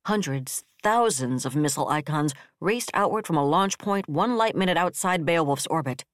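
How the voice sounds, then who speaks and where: Dry, steady audiobook narrator. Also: medium pitch, moderate pace, no echo.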